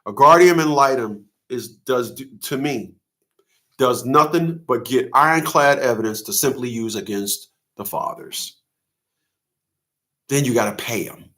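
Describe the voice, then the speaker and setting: A man's voice: mid-range voice, a little slow, a bit bright. A man giving a heated, profane commentary monologue as a channel host, often acting out courtroom dialogue in a raised voice. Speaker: father's rights channel host.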